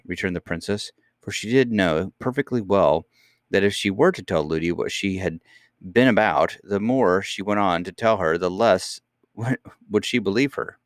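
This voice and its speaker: Man, audiobook narrator, deep low voice, measured, dry close recording. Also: dry recording. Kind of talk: scripted narration.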